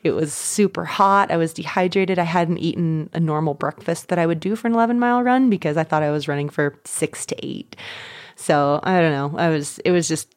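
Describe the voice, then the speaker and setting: A woman in her thirties, a podcast guest, telling a personal story in an animated way, laughing often and acting out her own thoughts. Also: low-pitched, brisk, no echo, studio quality. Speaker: podcast guest, runner and coach. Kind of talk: casual storytelling.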